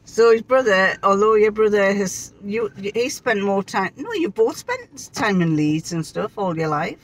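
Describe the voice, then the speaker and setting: A woman's voice: mid-range voice, sing-song, measured pace. An older woman with a Geordie accent, chatting casually and telling stories with frequent laughs. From North East England. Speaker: sewing vlogger. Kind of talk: casual chat. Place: outdoors on a windy day.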